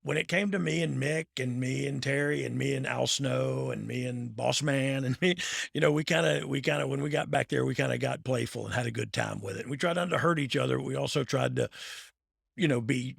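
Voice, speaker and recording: A man's voice: medium pitch, creaky, slightly rough, no echo, studio quality. A man, a former wrestler and podcast host telling stories in a loose, playful way and laughing often. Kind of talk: casual storytelling chat.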